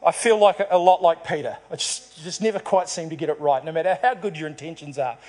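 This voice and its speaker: A man's voice: fairly high pitch, fast talker, a little mellow. A man preaching a sermon to a congregation, telling a story and acting out its dialogue. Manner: storytelling, acts out dialogue in the parable. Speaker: pastor.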